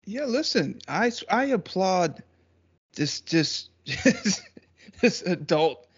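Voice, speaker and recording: A man on a podcast talks in a laid-back, joking way. His voice sits a little high. The audio is muffled and lo-fi. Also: very animated, extremely slow, husky. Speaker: co-host. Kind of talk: casual podcast chat. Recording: dull lo-fi sound.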